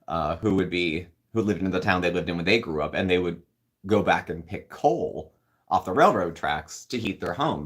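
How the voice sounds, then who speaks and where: A man with a low voice hosts a relaxed live-stream chat. He rambles from one thought to the next and answers viewer comments as they arrive. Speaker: host.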